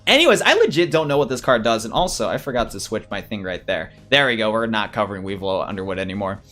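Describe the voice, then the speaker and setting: A young man giving excited, rambling let's play commentary while he plays. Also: lowish voice, fast. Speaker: gaming YouTuber.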